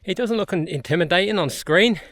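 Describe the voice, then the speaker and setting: A man's voice: sits high, animated, a little fast, fairly bright tone. Chatty man hiking outdoors. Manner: chatty, rambling, talks to animals and camera. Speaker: vlogger. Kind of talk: casual hiking vlog. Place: outdoors on a mountain trail.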